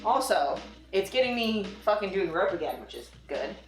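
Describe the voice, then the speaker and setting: A woman's voice: mid-range voice, very animated, normal speed. A young woman chatting casually on a live stream at home, swearing freely and rambling with fillers. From Toronto, Canada. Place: home room, livestream. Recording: roomy echo with music playing.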